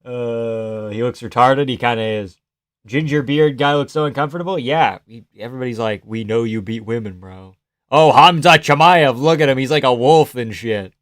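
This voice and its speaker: A man's voice: mid-range voice, moderate pace. A man live-streaming casual commentary while watching fights, blunt, sarcastic and swearing freely.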